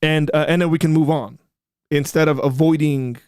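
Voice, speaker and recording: Male host, fairly high voice, dry close mic, blunt explainer. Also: fairly even intonation, moderate pace, a little mellow, clear, resonant tone, no room sound. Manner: explanatory, blunt and emphatic when rebutting. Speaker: apologetics show host. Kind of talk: livestream discussion.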